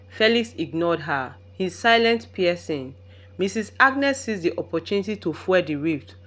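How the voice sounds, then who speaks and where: A woman storyteller reading a dramatic tale aloud. Her voice is fairly low for a woman but moves a lot in pitch, giving the narration an expressive lilt.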